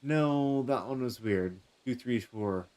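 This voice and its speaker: A man's voice: mid-range voice, slow, a little mellow. A man casually commenting on his game, musing aloud with many fillers. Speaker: streamer. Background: faint game music.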